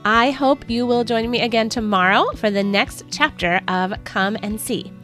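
A woman host reading a family devotional story aloud in an earnest, expressive way. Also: a little high, normal speed, soft background music. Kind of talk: scripted storybook narration.

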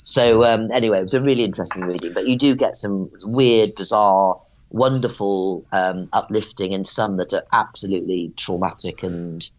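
A woman who works as a psychic medium tells stories in an animated, rambling way, often restarting her sentences. The recording is dull and lo-fi. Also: very deep voice, normal speed. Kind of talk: casual storytelling interview.

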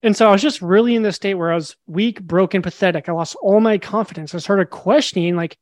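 A man's voice: high voice, fast talker, no room sound. A young man, a podcast guest, tells a story animatedly and acts out the dialogue. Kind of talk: storytelling in a casual interview.

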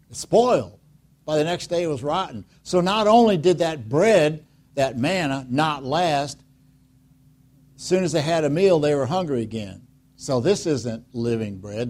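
A man preaching a sermon in a lively, conversational way, full of rhetorical questions and quiet, pointed emphasis. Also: fairly high pitch. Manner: conversational, acts out voices of listeners and Jesus. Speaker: pastor.

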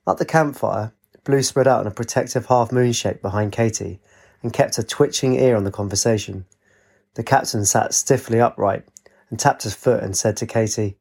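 Man, husky voice, storybook narration, steady and expressive. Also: mid-range voice, moderate pace.

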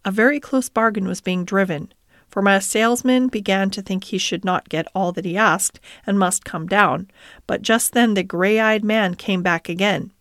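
A woman reading a classic novel aloud as scripted narration, in a gentle, even storytelling manner with lightly voiced dialogue. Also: medium pitch, normal speed, dry recording, clean studio sound. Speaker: audiobook reader.

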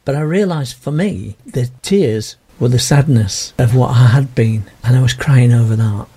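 An older man, telling his personal story in an interview in a gentle, earnest way. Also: mid-range voice, normal speed, husky. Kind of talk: reflective personal testimony.

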